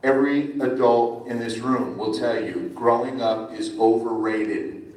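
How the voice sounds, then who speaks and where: A middle-aged man from New Jersey giving a friendly, animated speech to students as a guest speaker at a school ceremony. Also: medium pitch, measured pace, a little hiss or hum. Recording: echoey hall from far off, faint ambience.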